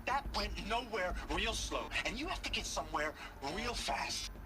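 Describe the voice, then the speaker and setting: A man's voice: sits high, expressive, moderate pace. An actor voicing a blunt, matter-of-fact man in a video game. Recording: distant game audio with music.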